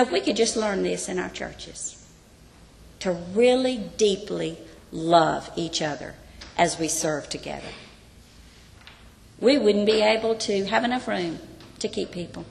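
An earnest woman teaching from the Bible in a sermon, often turning to her listeners with rhetorical questions. Her voice carries a gravelly fry at a middling pitch. It rings out with the long reverb of a large hall. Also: measured pace, long pauses, a little hiss or hum.

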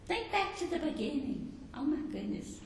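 A very animated woman with a high-pitched voice speaks at a moderate pace while teaching a sermon, with a bit of hiss or hum in the audio. In an echoey hall with long reverb, she tells Bible stories warmly and questions her listeners.

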